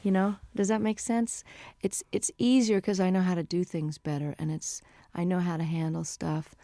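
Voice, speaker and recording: A woman's voice: fairly low pitch, steady tone, normal speed, dark tone, no room sound. A woman in her forties, a musician guest talking candidly and chattily in a radio interview. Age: 40s. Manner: chatty, candid and self-deprecating.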